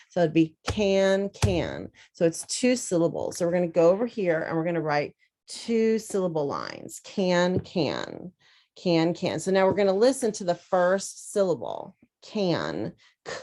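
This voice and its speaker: A woman's voice: lowish voice, dark tone. A woman teacher with a Southern US accent, casually demonstrating a lesson and sounding words out syllable by syllable. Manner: casual, thinking aloud, sounding words out slowly. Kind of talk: instructional demonstration.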